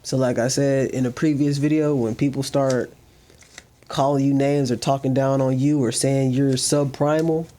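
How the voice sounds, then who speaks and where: A man hosting a reaction commentary video, talking earnestly and sometimes softly to his dog. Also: mid-range voice, level tone, normal speed. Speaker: commentary channel host.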